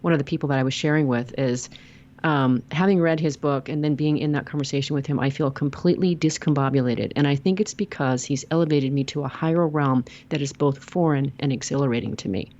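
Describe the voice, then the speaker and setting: Earnest low-voiced woman, lo-fi. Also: brisk, darkish tone. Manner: earnest, emphatic, repeats words when starting a sentence. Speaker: podcast guest, author; radio show host and logotherapist. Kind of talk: casual interview chat.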